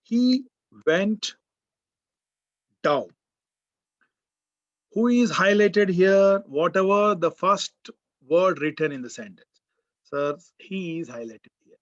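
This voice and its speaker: Indian english guy teaching grammar, slow and a bit high, keeps asking the class stuff, muffled dull audio. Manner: repeats key words, asks the class questions. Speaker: college English lecturer.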